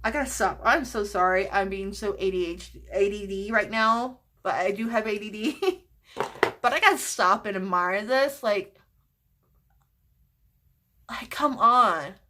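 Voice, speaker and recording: A woman's voice: mid-range voice, unhurried, bright, forceful tone. A woman chatting casually in a makeup vlog, gushing over products, swearing freely and dropping into whispers. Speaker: beauty vlogger.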